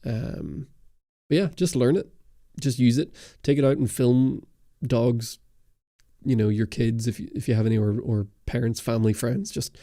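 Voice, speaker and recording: The host of a camera channel, a young man from Ireland and Britain, answers livestream questions from chat in a casual, rambling way full of ums and false starts. His mid-range voice is steady and mellow at a normal speed, recorded dry and clean on a studio dynamic mic.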